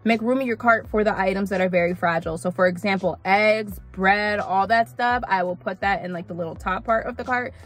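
A young woman talks straight to camera in a casual tips vlog, chatty and animated, often calling her viewers honey. Her voice sits at a middling pitch and she repeats key lines for emphasis. Soft music plays faintly underneath. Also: fairly quick, few pauses. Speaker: vlogger giving gig-work tips.

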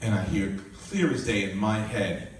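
Telling his life story as a testimony, a minister in his sixties acts out the dialogue, laughs frequently and stays animated throughout. He speaks at normal speed in a lowish voice. The sound is distant and echoey, with a little hiss or hum.

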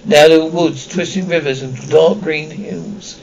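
A man's voice: on the high side, fairly even intonation, unhurried, darkish tone, highs cut off. A man reading a children's novel aloud, stumbling and restarting words often. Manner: reads with frequent slips and restarts. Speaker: audiobook reader.

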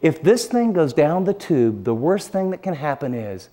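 Speaking at a normal speed with a sing-song, fairly high voice, a middle-aged preacher delivers a sermon that feels earnest and confessional. When the emotion peaks, he sinks into an almost-whispered hush.

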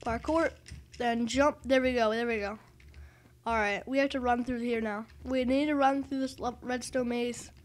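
A woman giving excitable, self-mocking commentary over her own gameplay and exclaiming at every failed jump. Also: fairly high pitch, moderate pace. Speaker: gaming video host.

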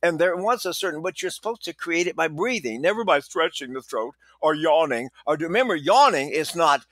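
A man's voice: on the high side, animated, fairly quick, a bit bright, no room sound. A man in his eighties with a Texan accent, an old opera singer and voice teacher, telling stories and demonstrating breaths and vowels as he talks. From Texas. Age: 80s. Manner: storytelling, demonstrates vowels and breaths mid-sentence. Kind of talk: conversational interview, teaching.

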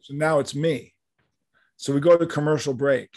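An older man tells a story as an interview guest. He acts out each line of dialogue with lively energy, in a voice a touch higher than most men's. The sound is dry and close. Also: normal speed, dry recording. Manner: animated, acts out quoted dialogue.

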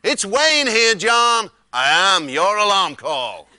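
A man voicing an upbeat, over-friendly Texan hotel porter who booms his greetings. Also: sing-song, bright, forceful tone, full character voice. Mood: cheery. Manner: booming, over-friendly, drawn-out.

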